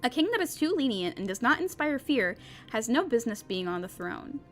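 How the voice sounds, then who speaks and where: A woman's voice: fairly high pitch, big pitch swings, fairly quick, soft background music. A woman voicing a cold, ruthless male royal advisor who lectures sternly.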